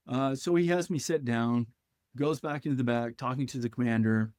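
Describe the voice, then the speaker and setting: Middle-aged man, podcast guest, animated storyteller, plays out the dialogue, close dry mic. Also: medium pitch, fairly quick, no echo.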